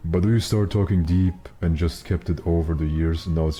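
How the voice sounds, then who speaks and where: A young man with a remarkably low, deep voice and a dark, mellow tone, chatting loosely while he plays. He rambles, jokes and swears, stringing thoughts together with plenty of ums and uhs, and faint music sits under his talk. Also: steady tone, brisk, few pauses. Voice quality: naturally very deep voice. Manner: rambling, joking, profane, many fillers. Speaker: streamer. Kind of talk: casual game-stream chat.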